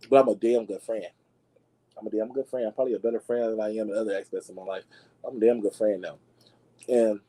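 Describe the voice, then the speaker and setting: Sassy, mellow-voiced talk show host. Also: male voice, medium pitch, poor audio. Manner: sassy, animated, addresses listeners as y'all. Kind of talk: casual gossip commentary.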